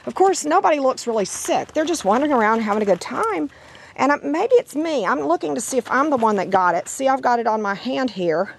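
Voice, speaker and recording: Her voice hoarse with laryngitis yet sitting high and expressive, a dog breeder talks fairly quickly in a rambling outdoor vlog, cooing sing-song baby talk to her puppies in the yard. A little hiss or hum runs underneath.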